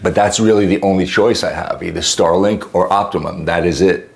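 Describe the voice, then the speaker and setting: Man, deep voice, casual exasperated storyteller in a talking-head vlog. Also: brisk, creaky. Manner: exasperated, animated retelling with acted quotes. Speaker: homeowner telling a customer-service story.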